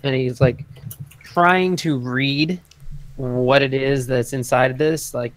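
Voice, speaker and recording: A man runs a tabletop game as game master, with a middle-pitched voice. He narrates casually and haltingly, filling his pauses with ums and likes. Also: steady tone. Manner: casual, halting, lots of fillers.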